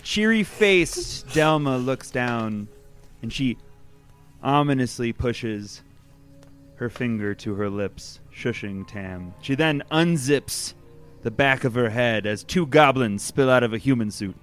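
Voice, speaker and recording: Guy running a tabletop game, animated voice, some music behind. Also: mid-range voice, takes it slowly, clear, resonant tone. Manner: lively, laughing, hesitant fillers. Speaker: game master.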